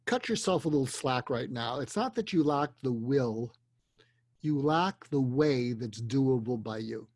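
An older man talks as a guest, patiently explaining and coaching. His voice is husky, with a slight breathiness. The recording is dry and close. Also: mid-range voice, animated, unhurried, dry recording. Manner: earnest, explanatory, gently coaching. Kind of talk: conversational advice.

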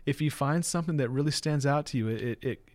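A man preaching as a pastor, earnest and plain-spoken, reading verses slowly and deliberately. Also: medium pitch, no echo. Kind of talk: sermon teaching.

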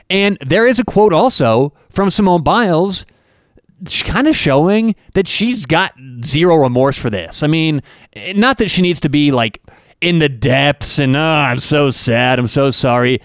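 A man's voice: a little high, dry recording, studio quality. A man hosting a podcast, delivering an opinionated, emphatic monologue full of rhetorical questions. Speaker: podcast host and network owner.

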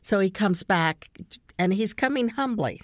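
A woman's voice: mid-range voice, lively intonation, measured pace, dry recording, studio quality. A middle-aged woman hosting a podcast, earnestly telling a family story and laughing now and then as she recounts it. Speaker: podcast host. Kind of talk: conversational storytelling.

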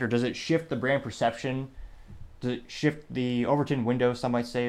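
A man hosting a commentary show, reading out posts and quotes in a wry, offhand way with frequent restarts. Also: medium pitch. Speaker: show host.

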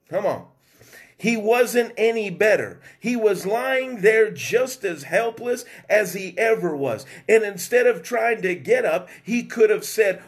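Male preacher, fervent Pentecostal sermon, high voice, slow deliberate delivery, cries of whoo. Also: expressive. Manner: fervent, punctuated with shouts of "whoo" and "come on".

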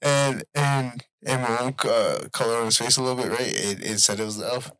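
A man co-hosting a casual podcast chat, telling a story in a halting way with repeated words. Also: medium pitch, steady tone, fairly bright tone, dry recording. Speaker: podcast co-host.

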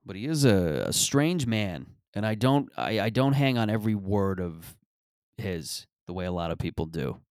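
A man's voice: lowish voice, lively intonation, moderate pace, darkish tone, no room sound. A man hosting a comedy podcast, rambling through a profane, self-deprecating monologue. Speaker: comedian host.

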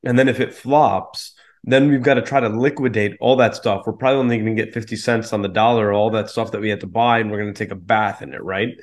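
A man's voice: on the low side, steady tone, fast talker. A man, a real estate investor guest on a podcast, explaining his approach confidently with casual fillers. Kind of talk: podcast interview.

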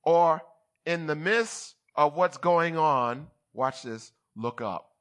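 Bright, high-voiced preaching bishop. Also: male voice, takes it slowly, smooth. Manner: teaching, often asks "are you with me?", builds to loud emphatic passages. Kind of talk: sermon.

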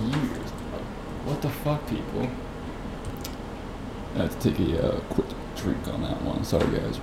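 A man hosting a podcast speaks at medium pitch, animated yet measured, with a creaky voice and long pauses. His story unfolds as a profane, wandering, incredulous rant, captured on a podcast mic in an echoey, noisy room.

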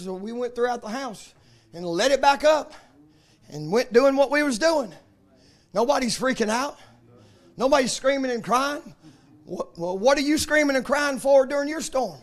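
A pastor in his fifties delivering a fervent, emphatic sermon, driving points home with repeated refrains. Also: very high voice. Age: 50s.

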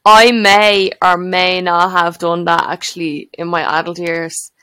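A woman's voice: fairly low pitch, flat delivery, measured pace, bright, forceful tone, clear, resonant tone, dry recording. A young woman with a Dublin accent, a podcast co-host in casual chat, teasing and sweary.

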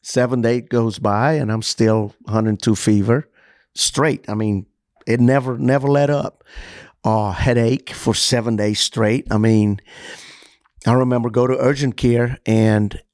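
A man, a coach, telling his own story as an interview guest, lively and acting out the dialogue. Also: medium pitch, a little slow, no room sound, clean studio sound. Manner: animated, acts out dialogue. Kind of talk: personal storytelling in a podcast interview.

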